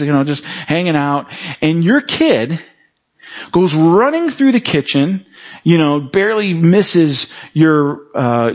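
A man preaching a conversational sermon, who often checks in with the congregation through rhetorical questions. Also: fairly high pitch. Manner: frequent rhetorical check-ins with the audience. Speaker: pastor. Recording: dull lo-fi recording.

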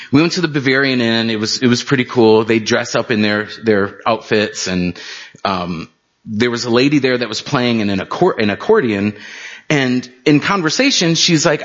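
A man's voice: medium pitch, a bit bright, muffled recording. A middle-aged man preaching, telling family anecdotes in a casual, conversational way with plenty of fillers. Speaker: pastor. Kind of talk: storytelling sermon.

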